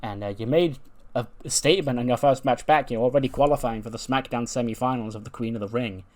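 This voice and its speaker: A man's voice: mid-range voice, fast talker, a little mellow, lightly acted. A man voicing a chatty woman interviewer. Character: upbeat woman backstage interviewer.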